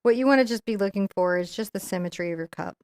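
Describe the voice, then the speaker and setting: A woman's voice: mid-range voice, fast talker, no echo. Chatty woman teaching painting. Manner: chatty, laughs often, rambling asides. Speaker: painting instructor. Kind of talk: live painting tutorial.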